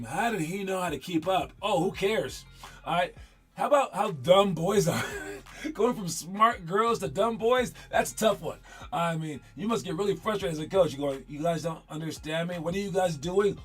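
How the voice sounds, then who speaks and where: Rambling man who stutters. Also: medium pitch. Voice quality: stutters, repeats words. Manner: rambling, wanders off mid-thought. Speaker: podcast host. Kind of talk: casual solo commentary.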